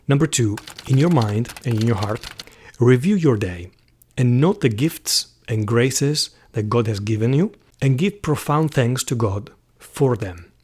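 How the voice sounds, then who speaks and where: A man hosting a Catholic channel, who gives an earnest, heartfelt reflective talk and reads poetry slowly, with some soft whispered passages. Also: medium pitch, lively intonation, breathy edge.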